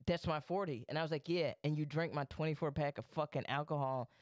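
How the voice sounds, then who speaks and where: A man's voice: on the high side, fast, dry recording, clean studio sound. A young man co-hosting a podcast, telling a story animatedly, swearing freely and acting out what people said. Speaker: podcast co-host. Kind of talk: casual storytelling chat.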